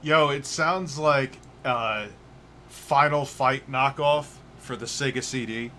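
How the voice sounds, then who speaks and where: A man's voice: medium pitch, slow pace, background noise. A middle-aged man hosting a livestream, bantering loosely and crudely while he reads chat messages aloud. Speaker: livestream host.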